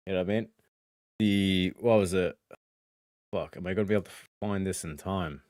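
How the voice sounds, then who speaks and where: A man's voice: fairly low pitch, fairly quick, a little mellow, dry recording, studio quality. Rambling, profane male streamer. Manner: rambling, profane, lots of filler phrases. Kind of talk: casual livestream chat.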